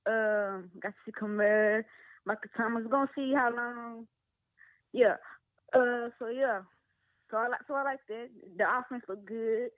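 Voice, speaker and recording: A woman's voice: a little high, fairly even intonation, normal speed, dry recording. A woman calling in to a sports talk show, speaking hesitantly with lots of fillers. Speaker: caller. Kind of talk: casual phone-in chat. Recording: tinny phone line.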